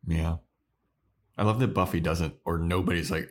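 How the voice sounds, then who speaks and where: A man co-hosting a podcast, chatting casually and acting out characters' lines in quick put-on voices. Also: deep voice, steady tone. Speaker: podcast co-host. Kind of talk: casual chat recapping an episode.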